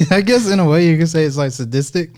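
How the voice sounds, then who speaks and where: A man's voice: a little high, brisk, darkish tone. A young man co-hosting a casual podcast who rambles through his stories with lots of fillers. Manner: rambling, filler-heavy storytelling. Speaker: podcast co-host. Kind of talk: casual chat.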